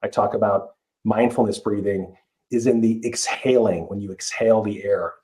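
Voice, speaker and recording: A man's voice: lowish voice, steady tone, moderate pace, darkish tone, poor audio. Earnest middle-aged male life coach. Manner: earnest, emphatic, with many restarts. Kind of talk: podcast interview.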